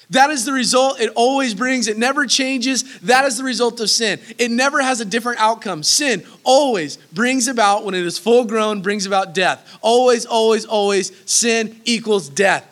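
A man's voice: extremely high pitch, moderate pace, fairly bright tone. A man preaching a sermon that teaches through Bible verses, earnest and emphatic, repeating key phrases for weight, with casual asides. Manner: casual asides that break into laughter.

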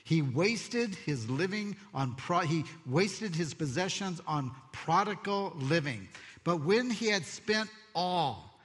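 A man preaching a sermon as pastor, expressive and conversational, telling stories with asides. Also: a little high, takes it slowly. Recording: long hall reverb.

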